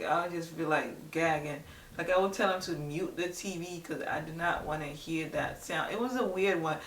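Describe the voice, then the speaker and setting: A woman's voice: medium pitch, a bit bright. A young woman chats casually to her viewers, rambling and filling gaps with "like" as she goes. Her voice bounces around an echoey room and sounds a little distant from the mic, with a faint hum of room noise under it. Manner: chatty, rambling, lots of "like". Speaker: vlogger. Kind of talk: casual chat to camera.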